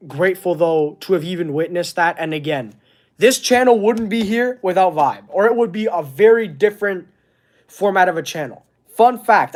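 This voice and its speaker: High-voiced man streaming casually. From Canada. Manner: halting, searching for words, earnest. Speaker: wrestling channel host. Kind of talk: casual livestream chat reading comments.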